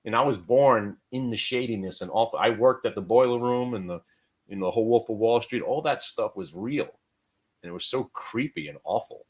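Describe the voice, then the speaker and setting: A middle-aged American man hosting a live stock trading room, talking casually and with swings between loud and quiet. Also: mid-range voice, fairly quick.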